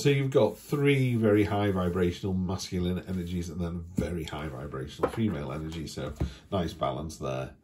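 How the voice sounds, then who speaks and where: A man's voice: sits low, a little mellow, a little hiss or hum. A man giving a casual weekly tarot reading, chatty and rambling, with fillers and asides. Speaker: tarot reader.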